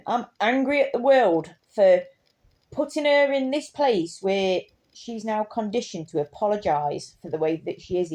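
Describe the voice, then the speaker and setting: Woman venting a story to camera, mellow warm tone, worked up and indignant, lots of restarts. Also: mid-range voice. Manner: impassioned, indignant, rambling with restarts.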